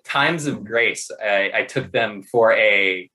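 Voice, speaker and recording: Animated man telling stories, bright voice. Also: fairly low pitch, slow, poor audio. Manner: animated, laughing often, many fillers and restarts. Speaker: podcast guest. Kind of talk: casual storytelling.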